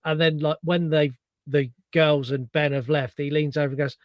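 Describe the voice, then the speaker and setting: A man's voice: a little high, fairly even intonation, moderate pace, no echo. A middle-aged British man, co-hosting a podcast, chatting casually and retelling film scenes with animation. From Britain. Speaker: podcast co-host. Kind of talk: casual chat.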